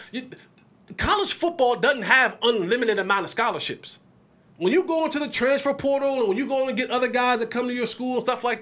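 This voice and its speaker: Hosting a sports podcast on his own, a very high-pitched man talks with animation and emphasis, frequently repeating words as his points take shape.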